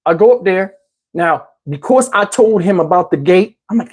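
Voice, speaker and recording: A middle-aged man casually telling a personal story in an animated, streetwise way, with lots of "you know what I'm saying" asides. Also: sits high, moderate pace, slightly rough. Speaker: YouTube storyteller.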